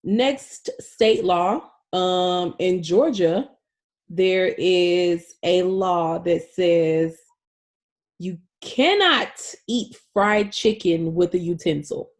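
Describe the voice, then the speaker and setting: A young adult woman co-hosting a casual podcast chat, telling stories with lots of swearing and lively exclaiming. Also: fairly low pitch, extremely slow. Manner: profane, animated storytelling. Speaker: podcast co-host.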